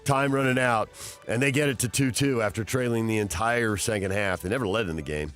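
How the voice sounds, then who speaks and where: A man with a fairly low voice hosts a sports talk radio show. He talks about the games with energy and reads the headlines. Faint music plays behind him. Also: a little fast, a bit bright.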